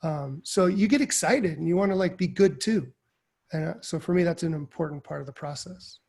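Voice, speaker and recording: A man with a fairly high, gravelly voice, speaking as a panelist at a writers' talk. He muses earnestly and a little haltingly, full of "you know" and "like". It sounds like a video call. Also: darkish tone. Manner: reflective, earnest, with fillers. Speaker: creative writing faculty panelist. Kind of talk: casual panel discussion.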